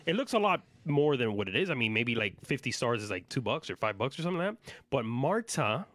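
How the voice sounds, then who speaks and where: A man hosting a casual live podcast, joking and hyped as he shouts out viewers, sounding a little fatigued. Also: medium pitch, big pitch swings, fast, no echo. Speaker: podcast host.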